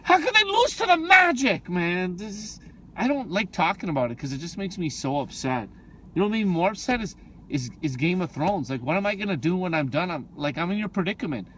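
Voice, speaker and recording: A man co-hosting a casual podcast chat, jokey and animated, getting loud when something upsets him. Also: fairly high pitch, fast, slight background noise. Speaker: podcast co-host.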